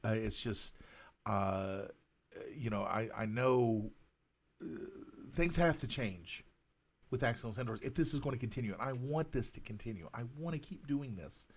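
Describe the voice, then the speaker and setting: Guy doing a live drawing stream, mid pitch, stumbles and restarts a lot, earnest and sorry-sounding. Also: expressive, slightly rough. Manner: halting, stammering, many restarts; earnest, apologetic. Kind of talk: casual live-stream monologue.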